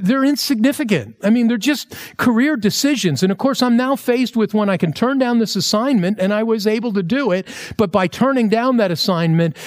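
Animated man telling a sermon story. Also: high voice. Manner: animated, acts out dialogue in stories. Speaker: pastor. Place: church, filmed.

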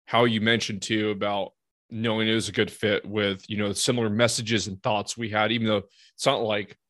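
A man hosting a podcast, talking in a relaxed, conversational way as he explains his views. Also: lowish voice, normal speed, no room sound, clean studio sound. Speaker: podcast host. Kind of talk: casual podcast chat.

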